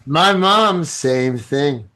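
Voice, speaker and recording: A man's voice: fairly high pitch, lively intonation, drawn-out words, pushed and bright. Joking, profane podcast man. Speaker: podcast co-host. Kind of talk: casual podcast chat.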